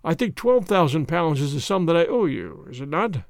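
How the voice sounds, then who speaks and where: A man's voice: on the high side, big pitch swings, normal speed, gravelly, no echo, clean studio sound. A man voicing a proud, aging male nobleman who speaks in a stern, imperious way.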